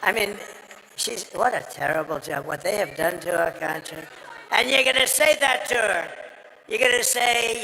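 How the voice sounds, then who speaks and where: A high-voiced man with lively intonation boasts and rambles through a campaign rally speech at a podium mic, speaking at a moderate pace. His tone is pushed and bright with vocal fry, strained and worn after a long day. Crowd noise and reverb fill the large venue.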